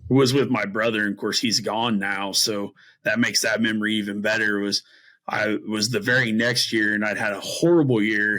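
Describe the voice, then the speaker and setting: A man's voice: lowish voice, bright, forceful tone, rough recording. A middle-aged man, a guest on a podcast, telling a story casually and animatedly, acting out his own reactions between many fillers. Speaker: podcast guest, bowhunter and string maker.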